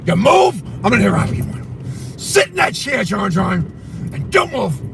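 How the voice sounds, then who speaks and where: A man mimicking a strict father's shouted orders to his son, over steady road noise. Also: high-pitched, measured pace, creaky, far from the mic, full character voice. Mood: stern threat. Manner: barking, shouted commands.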